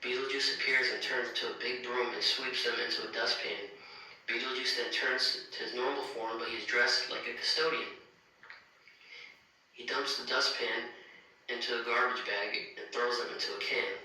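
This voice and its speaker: A man reading his own fan-fiction story aloud in a plain, steady way. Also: mid-range voice, normal speed, very echoey, distant mic, poor audio.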